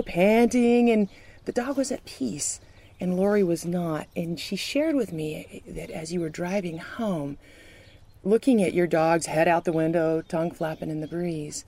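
A woman guest recounting a story in a heartfelt way, sometimes dropping to a hush. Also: fairly low pitch, moderate pace. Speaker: interview guest. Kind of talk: conversational storytelling.

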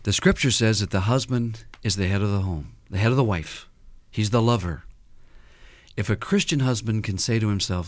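A man's voice: on the low side, lively intonation, fairly quick, dry recording. A man speaking as a guest counselor on a radio talk show, earnestly explaining with examples and acted-out quotes. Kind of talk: radio interview, teaching with examples.

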